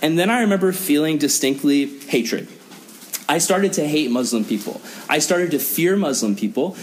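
Young male youth pastor, earnest and animated, slightly high voice. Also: moderate pace, slight background noise. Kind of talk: sermon to teenagers.

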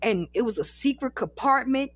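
High-voiced profane woman telling stories. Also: moderate pace, dry recording. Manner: profane, rambling, animated storytelling. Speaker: podcast host. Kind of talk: casual storytelling monologue.

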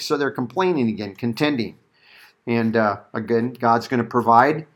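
A man's voice: medium pitch, a little fast. A middle-aged man teaching a Bible study sermon, reading scripture and acting out quotes with emphatic peaks.

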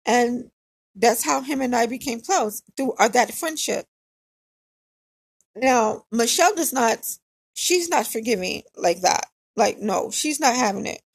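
Woman, casual storyteller, candid and repetitive, slightly high, husky voice, dry close sound. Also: animated, a little slow, dry recording. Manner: candid, conversational, repeats phrases for emphasis.

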